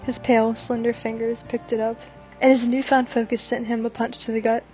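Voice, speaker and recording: A woman's voice: fairly high pitch, little pitch movement, brisk, mellow. A woman reading a fan fiction story aloud, narrating expressively. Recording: dull recording with background music.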